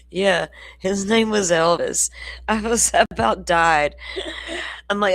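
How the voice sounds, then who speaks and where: Speaking slowly with vocal fry and frequent pauses, this medium-pitched woman chats on a casual true crime livestream with no room sound. She's a Floridian with a Southern accent who laughs, tells stories loosely, and drifts into asides with her viewers.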